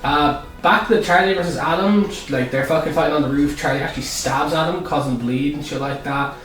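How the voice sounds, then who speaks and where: A man giving a casual, profane video review, excitable and prone to sudden outbursts. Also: a little high, a little fast. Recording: echoey room, far from mic, music behind.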